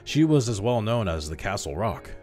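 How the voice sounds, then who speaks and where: A man's voice: on the low side, big pitch swings, moderate pace, over music, pitched above the performer's own voice. A man voicing an anxious, earnest young male medical student who protests in a worried way.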